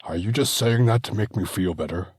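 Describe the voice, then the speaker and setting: A man's voice: on the low side, brisk, darkish tone, slightly rough, no echo, studio quality, pitched above the performer's own voice. A man playing a nervous young husband and father who stammers and hesitates. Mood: anxious. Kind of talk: audiobook character voice.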